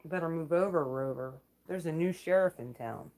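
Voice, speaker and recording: A woman's voice: low voice, brisk, a little mellow. A woman hosting her own channel, talking in a blunt, profane, casual vlog rant and laughing between remarks. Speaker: channel host.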